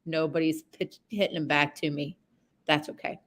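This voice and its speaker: A woman's voice: low voice, steady tone, normal speed, a bit bright. A woman horsemanship coach talking a student through a live session over a video call, rambling, chatty and candid, with some mild swearing.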